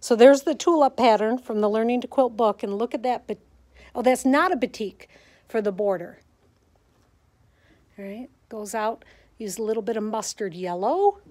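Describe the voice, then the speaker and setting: This woman speaks at a moderate pace in a fairly high, slightly mellow voice carrying a Midwestern American accent. She's a quilting teacher filming a casual walkthrough of a classroom quilt show at a sewing center, chatting enthusiastically to viewers as she goes.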